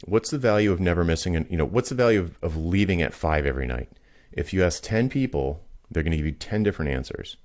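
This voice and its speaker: A man with an exceptionally deep, low voice coaches a guest over a video call. He explains his points with calm confidence and often illustrates them with little stories. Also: fast. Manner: confident, explanatory, tells anecdotes to make points. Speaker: podcast host and business coach.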